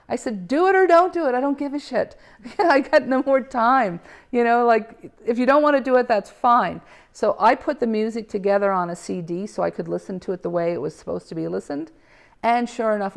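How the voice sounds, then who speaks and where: Woman, gravelly, animated storyteller who plays out the dialogue. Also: mid-range voice. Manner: animated, acts out quoted dialogue, frequent laughs. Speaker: speaker telling her own story. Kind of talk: casual personal storytelling.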